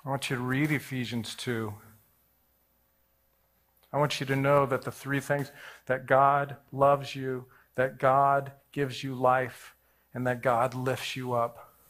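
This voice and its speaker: A man in his forties, a pastor preaching a storytelling sermon, swinging between hushed asides and loud, excited bursts. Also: medium pitch, slow. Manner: animated, jumps between hushed and loud, acts out voices.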